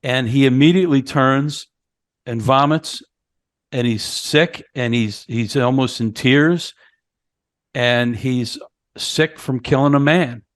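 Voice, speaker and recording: A man's voice: medium pitch, takes it slowly, dry recording, studio quality. Man, podcast co-host, casual movie chat, scene recaps, quoted dialogue. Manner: retells scenes, acting out lines.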